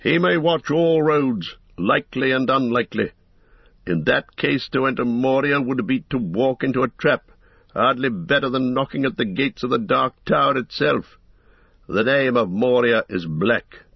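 A man reading the part of a proud, wary warrior in an audiobook, declaiming in a forceful way. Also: medium pitch, moderate pace, vocal fry, breathy edge, no room sound, voice pushed up. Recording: dull lo-fi recording.

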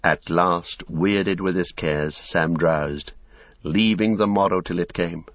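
Brief: solemn audiobook narrator, man, low voice, somewhat dull sound. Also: no room sound. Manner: measured, solemn storytelling. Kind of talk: scripted narration of a novel.

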